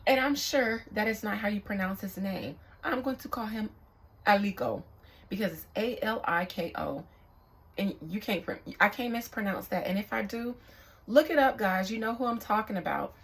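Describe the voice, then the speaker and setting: In a casual, candid vlog monologue, a young woman who works as a psychic reader reflects on things and swears readily. Her voice is mid-range and gravelly, and the audio quality is poor.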